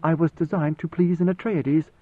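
A man voicing a young woman, a ruler's intended bride, speaking in a soft, measured, composed way. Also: a little high, fairly even intonation, dry recording, close to an everyday voice. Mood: tender. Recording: dry, phone-like narrow sound.

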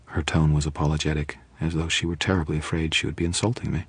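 A man reading a first-person audiobook narration in a wry, deadpan manner. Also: a bass voice, fast, breathy edge, no echo.

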